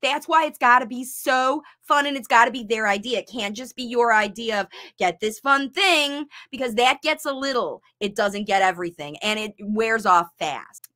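Bright, high-voiced excitable woman. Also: moderate pace, hardly any pauses. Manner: emotional, excitable, gets teary. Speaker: channel host, speech coach for parents. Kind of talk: casual talk answering viewer comments.

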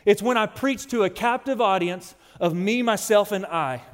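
A man preaching a sermon as pastor, emphatic and slowing down on key phrases. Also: high voice. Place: church sanctuary. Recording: long hall reverb.

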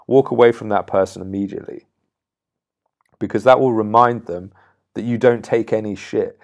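A man giving firm, blunt coaching advice to camera, swearing freely and now and then demonstrating a low, clipped, intense tone. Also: fairly even intonation, moderate pace. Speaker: confidence coach. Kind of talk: direct-to-camera advice talk.

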